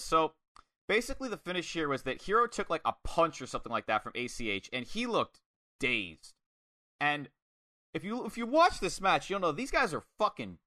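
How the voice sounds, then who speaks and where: Fired-up guy with a bright sharp voice, swears a ton, dry close sound. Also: a little high, no room sound. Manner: excitable, swears a lot, acts out quotes. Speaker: podcast co-host. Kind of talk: casual wrestling review chat.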